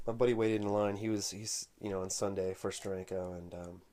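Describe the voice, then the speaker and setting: A man vlogging about comic collecting, telling a rambling story in an unhurried, conversational way. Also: on the low side, steady tone, dark tone. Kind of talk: casual rambling anecdote.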